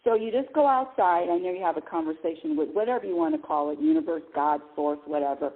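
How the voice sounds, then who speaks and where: A woman's voice: low-pitched, expressive, fast talker. A woman hosting a call-in radio show, talking in an emphatic way and often repeating her words. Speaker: radio host. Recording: tinny phone-line sound.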